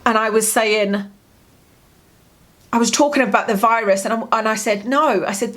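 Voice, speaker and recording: A woman's voice: a little high, fairly even intonation, moderate pace, a bit bright. A woman vlogging a personal grief diary, telling a long story in a candid, rambling way with many fillers, from home.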